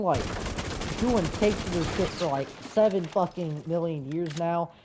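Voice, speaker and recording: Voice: mid-range voice, a little mellow, a little hiss or hum, poor audio. Young gamer host, profane and rambling. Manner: profane, rambling, with many fillers and restarts. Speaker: gaming video host. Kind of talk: casual ranting commentary.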